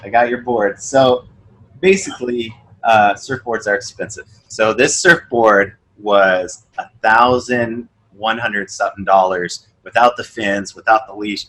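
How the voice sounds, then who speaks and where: In a casual podcast conversation, the guest, a young sales coach, tells stories and performs the dialogue in them, his pitch jumping lively between voices. His pace is measured, and the recording is rough.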